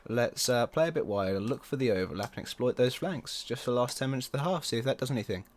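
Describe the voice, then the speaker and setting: A man commenting on his own football management game, excitable and quick to groan or yell at the match. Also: mid-range voice. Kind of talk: let's play commentary.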